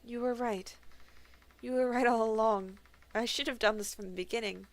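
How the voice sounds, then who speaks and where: A woman voicing a resigned young crewwoman who speaks in a soft, low, measured way. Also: fairly even intonation, lightly acted.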